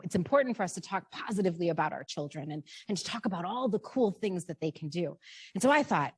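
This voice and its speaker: Animated woman telling a story. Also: medium pitch, brisk, husky. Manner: lively, asks the audience questions. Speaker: children's book author giving a talk. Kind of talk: animated storytelling to a live audience. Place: library program room.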